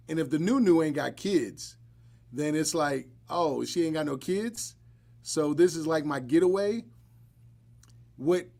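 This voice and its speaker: A man's voice: on the high side, vocal fry. A man hosting a live podcast, chatting casually and bluntly with joking asides. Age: adult, married. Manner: blunt, joking, animated storytelling. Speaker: podcast host.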